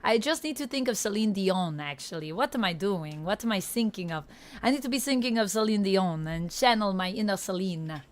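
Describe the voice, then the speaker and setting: A woman streamer voicing a hammy mock French Canadian man, halting and sprinkled with French words. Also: medium pitch, lively intonation, lightly acted. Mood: playful. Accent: put-on French Canadian. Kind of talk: livestream chat in a put-on accent.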